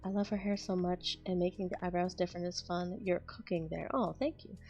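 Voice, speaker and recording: A woman's voice: fairly low pitch, fairly even intonation, a little fast, darkish tone, dull audio, faint music behind. A woman streaming her drawing, chatting casually and rambling to her viewers in a self-deprecating way. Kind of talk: casual chat while drawing.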